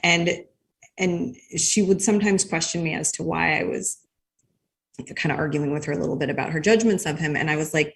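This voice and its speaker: A woman guest explaining her ideas in a thoughtful, measured way during a conversation. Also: deep voice, creaky. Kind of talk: conversational interview.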